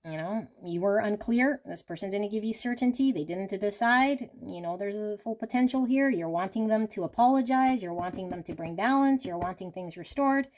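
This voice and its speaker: A woman's voice: mid-range voice, moderate pace, few pauses, a little mellow. A woman reading tarot cards for a love reading, talking in an earnest, coaching way with frequent "you know" and "okay?". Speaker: tarot reader. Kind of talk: intuitive tarot reading monologue.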